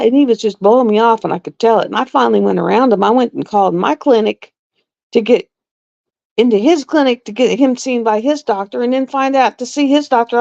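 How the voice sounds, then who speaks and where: A woman's voice: fairly high pitch, gravelly, a little mellow, dry recording. A middle-aged woman, a nurse, chatting bluntly and with exasperation on a casual live stream. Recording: dull lo-fi dry live-stream audio.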